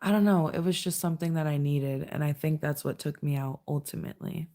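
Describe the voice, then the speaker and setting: A woman's voice: low-pitched, fairly quick, warm tone. A young woman hosting a casual livestream from home at night, chatting with viewers and scolding her dog. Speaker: livestream host.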